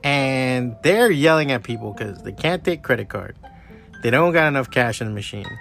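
Soft background music accompanies a middle-aged man from around Miami as he hosts his podcast alone. His creaky mid-range voice moves at a moderate pace through animated stories, delivered as a casual, heated rant laced with profanity.

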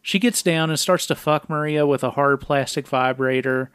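A man co-hosting a casual podcast, recounting film scenes in a flat, matter-of-fact play-by-play. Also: a little high, normal speed, smooth, dry recording. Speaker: podcast co-host.

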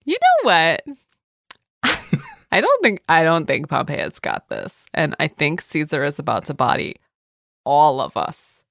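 A woman's voice: low-pitched, wildly swooping pitch, a little slow, gravelly, long pauses, a bit bright, no echo, clean studio sound, heavily acted. Comic bit: a woman playing a brash boy king with a Brooklyn accent. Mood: cocky. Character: cocky boy king, scheming.

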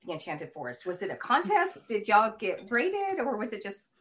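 A woman's voice: medium pitch, wildly swooping pitch, moderate pace, fairly bright tone. A woman co-hosting a podcast, chatting casually and gushing enthusiastically about what she loves. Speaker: podcast co-host. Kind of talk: casual chat.

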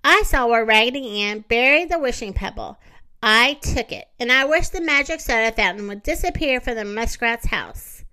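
A woman's voice: a little high, lively intonation, normal speed, sharp tone. A woman doing a taunting little prankster man. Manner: taunting, mocking laughter. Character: sneaky prankster little man, long nose.

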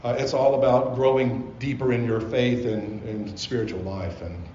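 A man's voice: mid-range voice, fairly even intonation, normal speed, dark tone, slight background noise. A male pastor preaching in a mid-range voice, telling his story earnestly from the pulpit. The sound is a bit dull and roomy, like a live recording in a church sanctuary, with faint ambience behind. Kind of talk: sermon.

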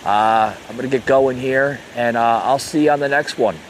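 A man's voice: medium pitch, normal speed, a little hiss or hum. A man hosting an unscripted opinion podcast, talking in a heated, repetitive way, full of "you know.". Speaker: podcast host.

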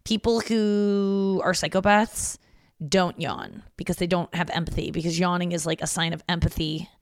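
Woman in her 30s, low-ish voice, rambling and swearing, yawny, super dry close mic. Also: fairly even intonation, moderate pace, no echo. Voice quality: yawning, meandering and candid, with frequent swearing. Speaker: podcast host. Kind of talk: casual solo monologue.

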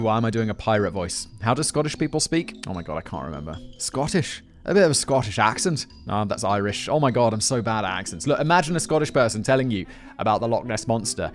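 A man's voice: fairly low pitch, expressive, fast, soft background music. Chatty man narrating with joking asides. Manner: chatty, self-deprecating, rambling tangents. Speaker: presenter.

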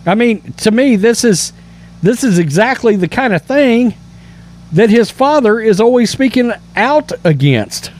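A man's voice: high voice, lively intonation, a little slow, a little mellow. A man hosting a political commentary show, reading news aloud and reacting with emphatic indignation and stammered restarts.

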